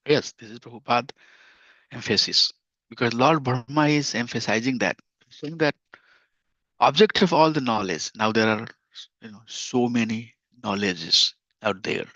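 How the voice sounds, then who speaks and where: An earnest man gives a scripture class in a steady teaching tone. He often repeats his key phrases. The sound is dry and muffled, like a lo-fi recording. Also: lowish voice, dry recording.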